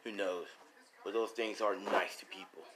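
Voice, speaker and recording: A stern, wary hunter who speaks with grim certainty, as a man narrating puts him on. His voice sinks low and quiet, dropping below the storyteller's usual pitch, with faint background hiss. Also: fairly even intonation, normal speed, close to an everyday voice.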